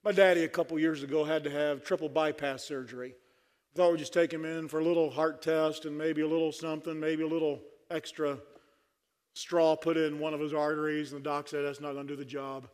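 A man's voice: fairly high pitch, level tone, brisk. A man preaching a sermon at a conference, fervent and dry-humored. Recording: long hall reverb.

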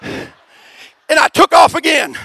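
A male preacher giving a sermon testimony, telling his story in a folksy way that rises to shouting. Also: very high-pitched, normal speed, dry recording.

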